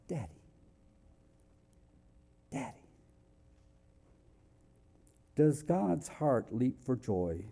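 A man preaching a sermon, moving between loud, emphatic calls and hushed, quiet passages. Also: on the low side. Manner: dynamic, swings from loud exclamations to hushed near-whispers.

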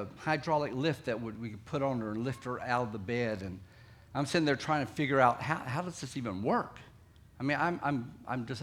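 A middle-aged man with a Southern American accent preaching a sermon earnestly, swinging between emphatic lines and soft, quiet ones. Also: mid-range voice. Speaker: pastor.

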